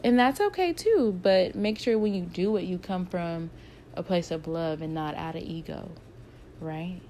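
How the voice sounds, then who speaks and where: A woman's voice: lowish voice, animated, moderate pace, mellow, a little hiss or hum. A woman in casual advice talk who answers viewer questions from her work with patients. She is reflective and encouraging, and she circles back to repeat her main points.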